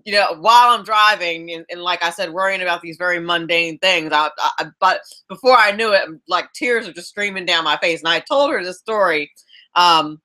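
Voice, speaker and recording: A woman hosting a radio talk show, chatting with a guest in a relaxed, talkative way with frequent restarts. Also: on the low side, brisk. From South Jersey, US. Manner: warm chatty storyteller, many restarts, laughs easily. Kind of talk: casual radio interview chat.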